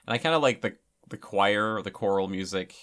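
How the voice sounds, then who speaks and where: A man's voice: fairly low pitch, brisk, fairly bright tone, clean tone. A man giving casual commentary over a film, chatty and rambling, with lots of filler words.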